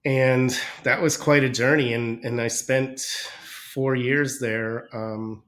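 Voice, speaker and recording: A man with a stuffy, nasal voice from a cold, speaking as a podcast guest at a mid-range pitch. He rambles through his story and often corrects himself partway through. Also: steady tone, slow pace, fairly bright tone. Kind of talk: casual interview chat.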